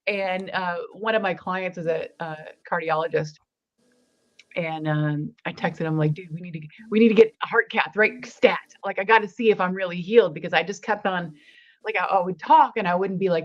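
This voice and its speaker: A woman's voice: fairly low pitch, normal speed. A woman, a guest in an interview, telling a personal story earnestly and acting out the dialogue in it. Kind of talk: personal testimony in conversation. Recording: slightly dull lo-fi recording.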